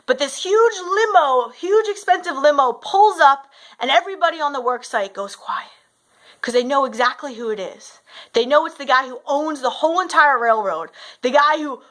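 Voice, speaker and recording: Bright, high-voiced woman coach. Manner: storytelling, often adds "right?". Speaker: fitness and mindset coach. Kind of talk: motivational talk to camera.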